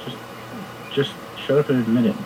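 A man's voice: medium pitch, steady tone, brisk, darkish tone, recorded from a distance, slight background noise, rough recording. A man co-hosting a podcast, trading joking, teasing banter. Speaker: podcast co-host. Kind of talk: casual chat.

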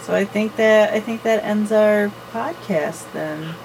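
A young woman co-hosting a podcast, telling stories in a chatty, giggly, animated way. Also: mid-range voice, a little slow, vocal fry, distant mic, a little hiss or hum, rough recording. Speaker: podcast co-host. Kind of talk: casual chat.

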